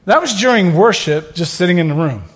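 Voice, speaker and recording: A middle-aged male pastor preaching a sermon, telling stories with joking asides and building to loud exclamations. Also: high-pitched, animated, a little fast, husky.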